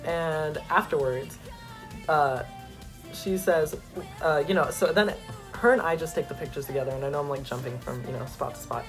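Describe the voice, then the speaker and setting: A young adult man vlogging, telling an excited, rambling story with lots of filler words. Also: fairly high pitch, normal speed, soft background music. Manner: excitable, rambling, heavy use of "like". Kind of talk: casual storytelling to camera.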